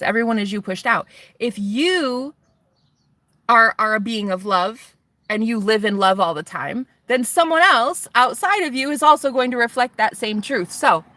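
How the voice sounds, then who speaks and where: A woman's voice: fairly high pitch, lively intonation, normal speed, sharp tone, no echo. A woman vlogging in a casual confessional chat, rambling and chatty with lots of fillers. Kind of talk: casual confessional vlog talk.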